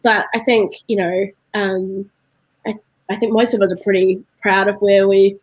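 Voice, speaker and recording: Guest spot: New Zealand woman, husky, dry close sound, easygoing chatter. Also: mid-range voice, little pitch movement, normal speed, no echo, poor audio. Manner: chatty, laughs often, many fillers. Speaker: guest from a beer importer. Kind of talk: casual video-call chat.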